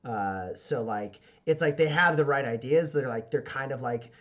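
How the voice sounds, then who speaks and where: A man narrating a tabletop role-playing game as game master. His voice sits in a middle pitch, and he keeps stacking filler words and restarts as he describes the scene. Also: moderate pace, highs cut off. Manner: rambling, filler-heavy, full of "like".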